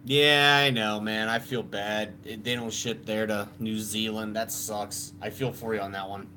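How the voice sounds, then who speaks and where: A man's voice: fairly low pitch, fairly even intonation, a little slow, pushed and bright, slight background noise. A man co-hosting a live stream in casual chat, laid-back and swearing freely.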